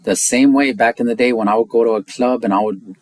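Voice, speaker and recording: An American man in a blunt, heated opinion rant to his viewers, profane and pressing his points, speeding up and slowing down for emphasis. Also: medium pitch, steady tone, no echo. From United States. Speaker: vlogger.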